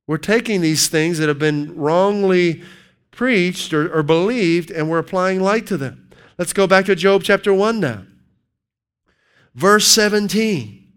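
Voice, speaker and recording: A male preacher delivering a sermon to his congregation. His voice is smooth and resonant, fairly high for a man, and he takes his time. He booms out scripture, then drops to low, quiet asides and questions. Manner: swings from loud emphatic scripture reading to low quiet asides.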